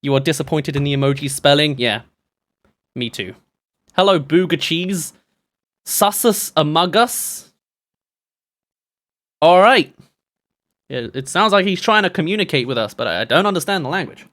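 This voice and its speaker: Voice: medium pitch, lively intonation, moderate pace, long pauses, a bit bright. A streamer, rambling and chatty while reacting to movie trailers live, reading chat aloud and laughing often.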